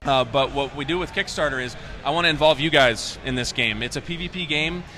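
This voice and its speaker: Man, game developer, enthusiastic, animated storyteller, rapid-fire, bright voice. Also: on the high side, a little hiss or hum. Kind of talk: casual interview.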